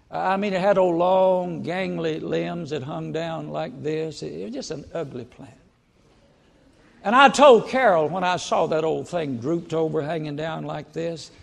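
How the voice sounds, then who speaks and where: A man preaching a sermon in a folksy storytelling way, often breaking into loud acted-out quotes. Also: fairly high pitch, vocal fry. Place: church sanctuary. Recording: long church-hall reverb.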